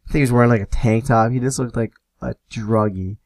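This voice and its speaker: A man's voice: mid-range voice, fast talker, dry recording. Profane young man telling stories, dry close mic. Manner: profane, animated, tosses in quoted voices. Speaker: podcast host. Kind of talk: casual storytelling monologue.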